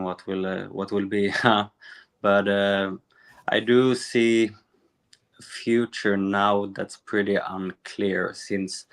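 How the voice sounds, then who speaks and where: Guest on a chat show, fairly low voice, kinda unsure, pauses with uh a lot. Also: male voice, fairly bright tone. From half Israeli. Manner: unsure, halting, many fillers. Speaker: podcast guest. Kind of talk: casual conversation.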